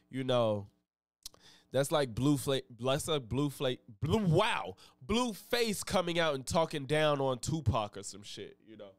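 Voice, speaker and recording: A man's voice: medium pitch, clean tone, no echo. A man hosting a live stream, chatting loosely and profanely in a rambling way. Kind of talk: casual live-stream reaction chat.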